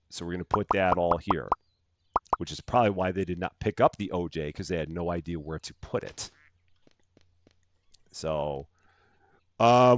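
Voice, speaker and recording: A man's voice: low voice, no echo. A man hosting a live game stream, chatting casually and greeting viewers by name with upbeat lifts in his voice. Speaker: livestream gaming host.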